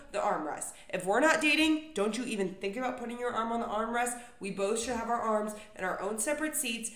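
Young woman ranting profanely, roomy echo. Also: medium pitch. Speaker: podcast host. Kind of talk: comedic solo rant. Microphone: podcast microphone.

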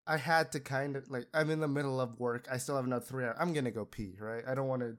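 A man's voice: medium pitch, steady tone, fast. A young man hosts a casual podcast while sick, his voice stuffy and nasal. He rambles loosely, swears freely and laughs often. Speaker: podcast host. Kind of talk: casual chat.

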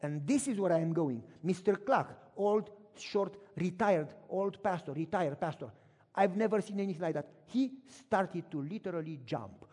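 A man with a high voice preaches, telling a story with lively energy and repeating words for emphasis. His delivery is animated, as he acts out the people in his tale. His voice carries a long reverb from a large hall. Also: normal speed, slightly rough. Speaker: pastor. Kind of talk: sermon storytelling.

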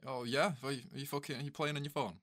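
A man's voice: mid-range voice, rapid-fire. A man hosting a podcast, telling army stories in casual, swearing banter. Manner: swears a lot, animated storytelling. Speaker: podcast host, ex-soldier.

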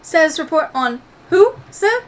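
A woman's voice: extremely high pitch, big pitch swings, measured pace, voice pushed up, exaggerated voice. A woman voicing a formal robot ship's pilot who politely calls people sir.

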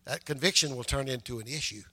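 An older pastor preaches at a quick pace in a medium-pitched voice. His sermon is conversational and dotted with amens, building to loud, emphatic passages.

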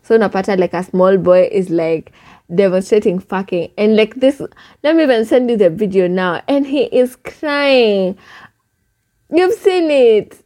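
Young woman, Kenyan accent, podcast host, animated, casual, mid-pitched voice. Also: unhurried. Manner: animated, swears freely, mixes English and Sheng. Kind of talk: casual chat.

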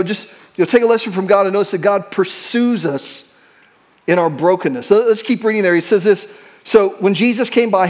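A man with a high-pitched voice preaches a sermon from the pulpit. He rushes through quick asides, then slows and drops to a hush for emphasis. He calls out lines for the congregation to repeat. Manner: shifts between quick asides and slow, hushed emphasis; leads the congregation in call-and-response. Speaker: pastor.

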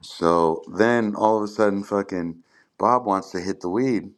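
Low-voiced man telling rambling stories. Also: a little slow. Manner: profane, rambling, animated storyteller. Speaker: podcast host. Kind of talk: casual storytelling chat.

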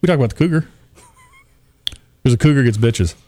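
A man's voice: medium pitch, expressive, brisk, dark tone, no echo. A man, a radio DJ chatting casually as a podcast guest, rambling and poking fun at himself. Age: 40s. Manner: rambling, self-mocking, chuckles often.

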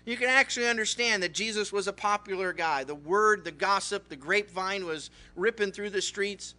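Bright-voiced pastor, animated sermon. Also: male voice, high voice, normal speed, hardly any pauses. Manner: animated storytelling, acts out characters. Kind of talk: sermon, Bible study.

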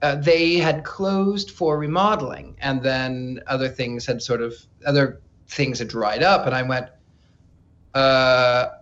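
Man, interview guest, animated storyteller, stammers and restarts, mid pitch, dull lo-fi recording. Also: a little slow, hardly any pauses. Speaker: psychic guest.

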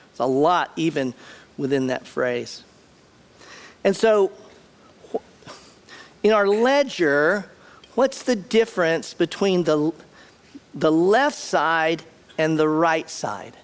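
A man giving a sermon in a chatty, conversational style, circling back on words for emphasis. His voice sits a little higher than most men's, and he keeps checking in with the congregation. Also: expressive, normal speed. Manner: conversational, repetitive, questions the congregation. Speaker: pastor.

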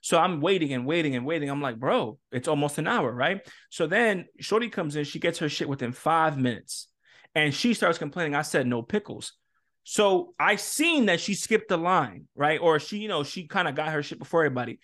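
A man's voice: on the high side, brisk. A young man co-hosting a casual podcast, telling a story with lots of cursing and acted-out quotes. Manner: animated storytelling, heavy cursing, acts out quotes. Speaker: podcast co-host.

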